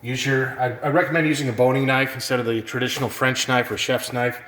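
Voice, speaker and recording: A man giving a casual cooking demonstration, relaxed and rambling with plenty of fillers, a bit out of breath. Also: mid-range voice, quick pace, roomy sound. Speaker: cooking instructor.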